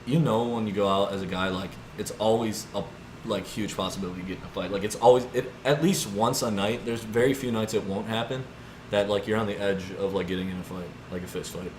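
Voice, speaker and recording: A podcast co-host in his twenties, with a lowish voice and a fairly quick pace, rambles through stories in casual chat, packed with "like" and "dude" and animated retellings. The room is echoey with background noise.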